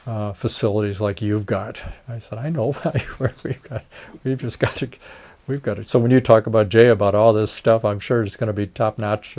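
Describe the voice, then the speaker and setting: A man's voice: on the low side, a little mellow. Older guy, retired doc telling stories, does the voices of the people in them. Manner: storytelling, reenacts dialogue, chuckles. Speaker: retired facial plastic surgeon. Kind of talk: oral history interview.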